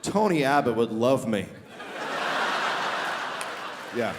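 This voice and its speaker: Animated stand-up comic. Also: male voice, mid-range voice, moderate pace, very noisy. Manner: animated storytelling, shouting acted quotes. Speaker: stand-up comedian. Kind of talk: stand-up comedy. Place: large theater stage. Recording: reverberant theater hall. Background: audience laughter.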